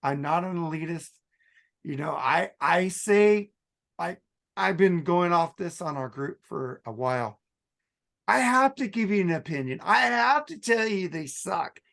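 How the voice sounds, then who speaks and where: An outspoken man co-hosts a rock podcast in loose, casual chat. His voice sits high for a man and has a gravelly fry. He states his opinions flatly and laughs often. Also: measured pace. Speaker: podcast co-host. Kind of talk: casual chat about music.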